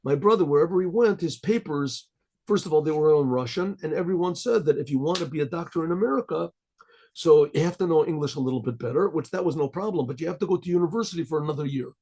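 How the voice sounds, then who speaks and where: Husky man telling a rambling story. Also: a little high, lively intonation, fast, darkish tone. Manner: rambling, chatty, with chuckles. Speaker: rabbi.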